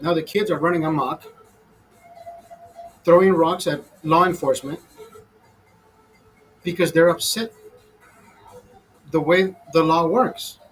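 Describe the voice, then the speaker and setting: Profane, fired-up man with a high voice. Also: slow pace, pauses often, fairly bright tone, breathy edge, soft background music, rough recording. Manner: profane, fired-up, talks to viewers as brother. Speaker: host. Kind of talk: casual rant over a beer.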